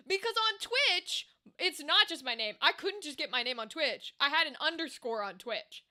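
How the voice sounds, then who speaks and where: A young woman streamer ranting casually to her chat, animated, exasperated and swearing freely. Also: high-pitched, normal speed, hardly any pauses.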